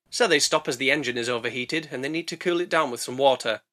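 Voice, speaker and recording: A man's voice: mid-range voice, quick pace, pushed and bright. A man recapping a movie with sarcastic jokes, popping in and out of silly voices. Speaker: film reviewer. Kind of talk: comedic movie recap narration.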